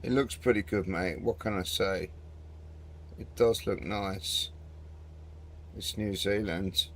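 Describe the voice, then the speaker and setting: Brief: male gaming host, chatty and rambling, a creaky voice with faint background noise. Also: on the low side, measured pace. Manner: chatty and rambling, lots of "mate". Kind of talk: casual gameplay commentary.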